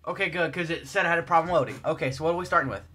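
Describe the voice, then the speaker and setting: A young man casually chatting while playing a game with a friend, excitable and prone to yelps and shouts. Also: on the high side, rapid-fire. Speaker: gamer co-host. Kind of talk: casual gameplay chat.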